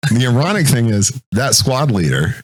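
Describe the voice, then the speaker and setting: A military veteran talking casually on a podcast, telling a war story in a rambling, profane way and acting out what people said. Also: male voice, medium pitch, big pitch swings, moderate pace. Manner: acts out quoted voices.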